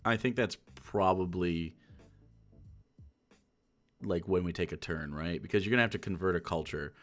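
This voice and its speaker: A man in casual podcast chat, relaxed and musing, often chiming in with short agreements. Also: low-pitched, normal speed, soft background music. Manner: laid-back, chimes in with short agreements and musings.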